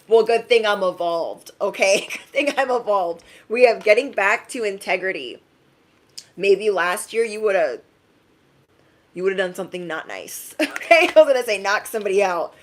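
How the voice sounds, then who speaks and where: A woman giving a casual, emphatic live-stream reading, chatty and quick to laugh. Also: medium pitch. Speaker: tarot reader.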